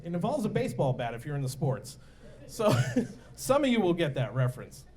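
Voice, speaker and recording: A man's voice: fairly high pitch, very animated, a little fast, warm tone. A middle-aged male stand-up comedian doing a brash, crude set at a bar comedy night on a handheld mic.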